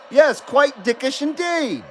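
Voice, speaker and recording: A man putting on a stuffy, posh English gentleman with a drawling, mock-polite manner. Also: very high-pitched, sing-song, drawn-out words, slight background noise, pitched above the performer's own voice, heavily acted.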